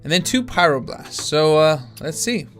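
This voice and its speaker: A man's voice: a little high, lively intonation, moderate pace, fairly bright tone, soft background music. A man casually commenting on his card game as he plays, thinking aloud with frequent restarts and filler words, sounding a little tired. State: yawning, tired. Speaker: gaming channel host.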